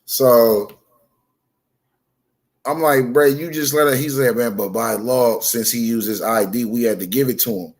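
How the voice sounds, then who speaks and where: A man telling a story in casual chat, profane and animated, acting out both sides of the dialogue. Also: mid-range voice, unhurried.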